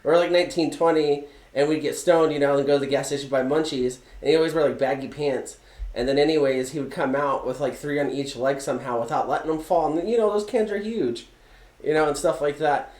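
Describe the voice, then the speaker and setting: A man's voice: fairly high pitch, fairly even intonation, a little fast, a little mellow. A man on a casual podcast, telling rambling anecdotes and giggling often at his own jokes. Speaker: podcast co-host. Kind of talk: casual storytelling chat. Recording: echoey room.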